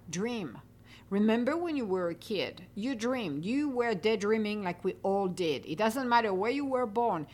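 A woman from Europe hosting a podcast, talking casually and encouragingly, laughing often and slowing down for calm affirmations. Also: medium pitch. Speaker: podcast host. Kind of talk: casual motivational monologue.

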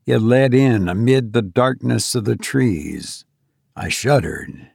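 A man reading a first-person adventure story aloud in a measured, deliberate way. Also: medium pitch, lively intonation, creaky, darkish tone, slightly rough, no room sound, clean studio sound. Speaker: narrator.

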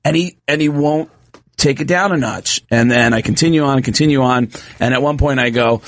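A man's voice: on the high side, moderate pace, no room sound. A male comedian telling a stage story in casual chat, acting out the voices in it. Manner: lively, acts out voices in his story.

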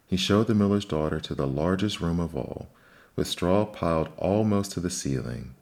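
Deep-voiced man reading fairy tales. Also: vocal fry. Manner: measured, expressive fairy-tale telling. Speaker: storyteller. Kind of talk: scripted storybook narration.

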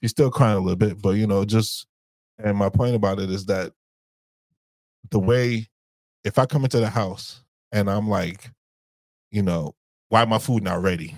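A man's voice: on the low side, normal speed, long pauses, darkish tone, no echo. A man co-hosting a casual podcast chat with his wife, rambling and searching for words as he talks. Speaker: podcast co-host.

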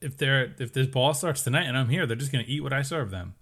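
A man co-hosting a casual TV recap chat, enthusiastic and quick to laugh. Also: medium pitch. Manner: enthusiastic, animated, laughs easily. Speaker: podcast co-host.

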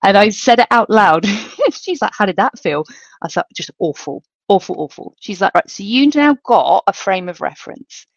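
A woman's voice: mid-range voice, very animated, moderate pace, dry recording, highs cut off. A woman guest in a podcast interview, telling a reflective story and quoting what others said to her. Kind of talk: casual interview chat.

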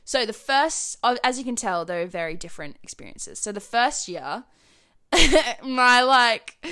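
A young Australian woman vlogger chats to camera in a rambling, giggly way, saying "like" constantly. Her mid-range voice is smooth with a sharp tone.

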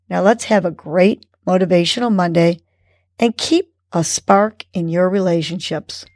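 A woman hosting a morning mindfulness segment, calmly and encouragingly guiding a breathing lesson for kids. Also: fairly low pitch, dry recording, clean studio sound, soft background music. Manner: calm, slow, encouraging instruction.

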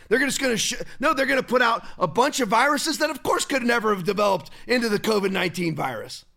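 A man's voice: very high-pitched, gravelly, bright, forceful tone. A man hosting a commentary show, delivering a heated, rambling monologue full of restarts and stumbles. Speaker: pastor and show host.

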